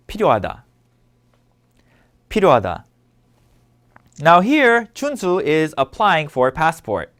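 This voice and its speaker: A man's voice: on the high side, fairly bright tone. A man teaching a language lesson, explaining words patiently and asking listeners to repeat after him. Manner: clear, patient instructional delivery. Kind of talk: scripted language lesson narration.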